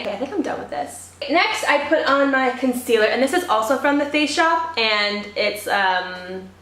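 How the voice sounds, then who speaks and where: Young female beauty vlogger from Canada, higher voice, casual storytelling, roomy sound. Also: fairly bright tone. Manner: chatty storytelling with lots of "like". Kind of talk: get-ready-with-me makeup chat.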